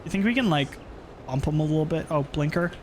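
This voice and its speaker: Fast and lively in intonation, this young streamer riffs with his audience while reacting out loud to the road in a driving game. His voice is on the high side, and there's game music and noise in the background.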